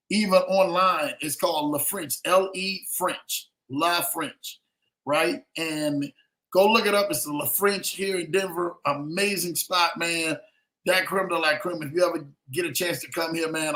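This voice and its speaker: A man hosting a casual livestream, animated and repeating "man" and "brother" as he shouts out viewers. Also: high-pitched, low-quality recording. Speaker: livestream show host.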